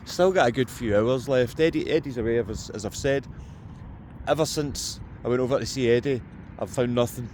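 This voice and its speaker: A man's voice: medium pitch, normal speed, darkish tone, a little hiss or hum. A man with a Scottish accent, chatting and joking to viewers while metal detecting in farm fields. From Scotland. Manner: jokey, chatty, talks to viewers. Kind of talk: casual vlog narration outdoors. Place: open farm fields outdoors.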